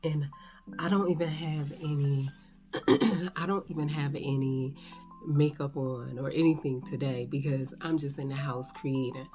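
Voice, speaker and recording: A woman's voice: sits low, fairly even intonation, measured pace, dark tone, faint music behind. A middle-aged woman talking candidly and emotionally at home in an unscripted personal vlog, rambling with many fillers. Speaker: vlogger. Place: at home indoors.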